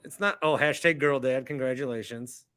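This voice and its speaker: A man's voice: mid-range voice, moderate pace, fairly bright tone, clean tone, dry recording. A man hosting a casual call-in show, joking and teasing his callers. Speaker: show host.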